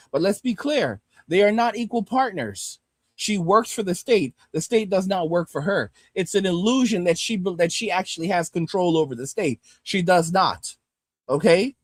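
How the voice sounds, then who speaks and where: A man with a high-pitched voice rants on a livestream, blunt and heated, swearing constantly. He speaks close to a studio microphone at his home desktop, the sound dry with almost no room in it. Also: no echo. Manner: blunt, heavily profane, heated. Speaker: livestream host. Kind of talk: ranting commentary and reading viewer comments. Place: home desktop streaming setup.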